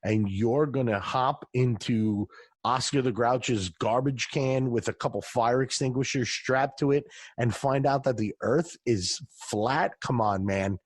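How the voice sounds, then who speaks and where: A man with a slightly husky voice talks casually on a podcast and spins wry, rambling rants. The recording is dry and close. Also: medium pitch, no echo. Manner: wry, conversational, drawn-out rants. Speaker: podcast co-host. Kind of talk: casual chat.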